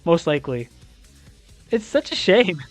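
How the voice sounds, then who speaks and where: A young adult esports host runs through league scores and standings, then launches into incredulous, exasperated rants with casual swearing. The voice swings widely and expressively in pitch. Faint music plays underneath. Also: sing-song, measured pace, no room sound. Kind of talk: esports league recap and playoff analysis.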